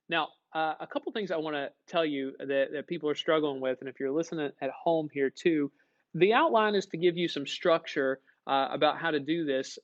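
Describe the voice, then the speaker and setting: A man teaching a history class in a folksy, chatty way, often stopping to put questions to his students. His voice sits a bit high for a man. The recording sounds dull and lo-fi. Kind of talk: classroom lecture.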